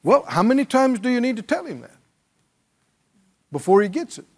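Animated high-voiced preacher. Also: male voice, normal speed. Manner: preaching with call-and-response, mimicking pleading prayers. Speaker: pastor. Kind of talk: sermon.

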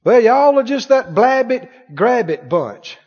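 High-voiced, lively preacher in a hall. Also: male voice, unhurried, slightly rough. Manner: emphatic preacher, swings from loud to hushed. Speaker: pastor. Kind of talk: sermon. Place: church sanctuary. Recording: dull echoing church hall.

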